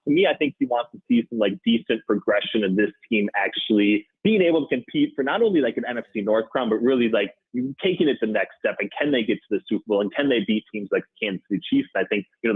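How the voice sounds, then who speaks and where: Fast minnesota guy calling in to sports radio, husky voice, tinny phone sound. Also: medium pitch. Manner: fast, hedging with fillers. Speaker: guest analyst.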